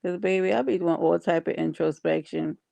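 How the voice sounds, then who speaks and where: A woman's voice: lowish voice, fairly even intonation, a little fast, vocal fry, mellow, dry recording. A woman hosting a casual livestream, chatting with viewers and reading their comments aloud. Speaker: livestream host.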